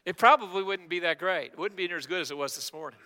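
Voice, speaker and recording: Pastor guy preaching, high bright voice, big echoey church hall. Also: quick pace. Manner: emphatic preaching with call-and-response. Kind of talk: sermon. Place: church sanctuary.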